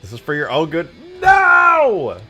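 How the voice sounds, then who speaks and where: A young man hosting a casual livestream, hyper and jokey, often bursting into loud shouts. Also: lowish voice, animated, fairly quick, lo-fi sound, faint music behind. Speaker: livestream host and game modder.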